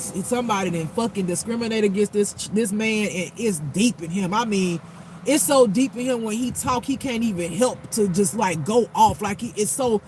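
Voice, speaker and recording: A man with a strikingly high voice tells a story in a casual, blunt, animated way, swearing freely and acting out what people said. He talks as a spiritual life coach. Clear street and car noise runs behind him. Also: low-quality recording. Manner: acts out quotes in a raised voice. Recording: clear outdoor traffic noise. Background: passing cars and street noise.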